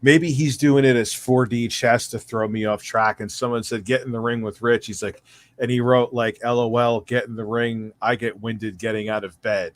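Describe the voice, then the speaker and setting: A man's voice: mid-range voice, steady tone, normal speed, no room sound. A man speaking as a podcast guest, casual, blunt and wry.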